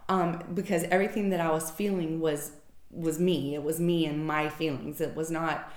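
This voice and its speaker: A woman's voice: low voice, steady tone, normal speed, a little mellow. A woman candidly telling a personal story in an emotional, informal way, swearing casually. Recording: echoey room.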